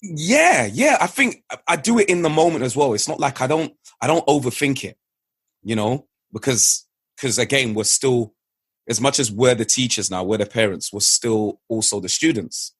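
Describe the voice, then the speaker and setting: Husky earnest man, dry sound. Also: mid-range voice, moderate pace, dry recording. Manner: earnest, animated storytelling. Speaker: podcast guest. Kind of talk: candid conversation.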